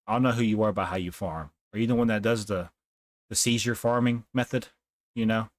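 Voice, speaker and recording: A man's voice: fairly low pitch, fairly even intonation, a little fast, no room sound, clean studio sound. A young man live-streaming a game, chatting casually, laughing often and talking to the characters on screen.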